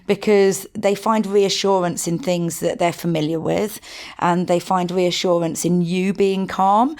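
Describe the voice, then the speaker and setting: A woman, a sleep consultant giving calm, practical advice in a casual podcast chat. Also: on the low side, measured pace. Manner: calm, practical, acts out parents in quotes. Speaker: infant sleep consultant guest.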